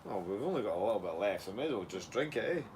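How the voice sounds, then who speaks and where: Scottish co-host, chatty and easy-laughing, light hiss behind him. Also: male voice, on the low side, sing-song, very fast, a little mellow. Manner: chatty, laughing easily, earnest. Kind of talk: casual live chat.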